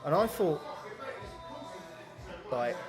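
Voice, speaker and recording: A man's voice: a little high, very animated, drawn-out words, over music. A young British man, a podcast co-host, telling a crude story in casual chat, swearing a lot and acting out the voices. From Britain. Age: young adult.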